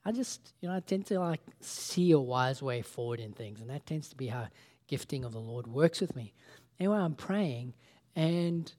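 A man's voice: medium pitch, animated, moderate pace, a little mellow. A man preaching a sermon, telling a story in a casual, conversational way and acting out the dialogue. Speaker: pastor.

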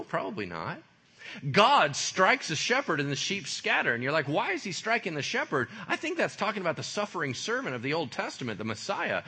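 A man preaching a sermon in a lively, conversational way, full of casual slang. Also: medium pitch, breathy edge. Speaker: pastor.

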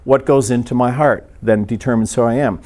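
A middle-aged pastor preaches in a loose, chatty storytelling manner. He often doubles back and restarts his sentences. His voice sits at an ordinary mid pitch for a man. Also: fairly even intonation, fairly quick, darkish tone. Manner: conversational storytelling, frequent restarts. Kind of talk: sermon.

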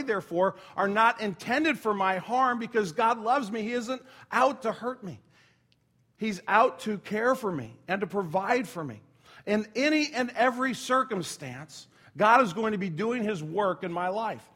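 Conversational middle-aged male pastor preaching. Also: high voice. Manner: conversational preaching with self-corrections and asides; drops to a near whisper when telling a quiet story. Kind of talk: sermon.

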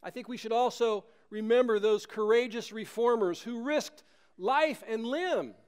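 High-voiced man preaching emphatically. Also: clear, resonant tone. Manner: emphatic, rhetorical questions. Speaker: pastor. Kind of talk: sermon.

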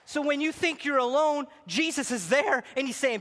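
Passionate high-voiced male preacher in a hall. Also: moderate pace, some chatter behind. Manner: passionate preaching, rising to near-shouts and dropping to quiet. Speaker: pastor. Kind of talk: sermon.

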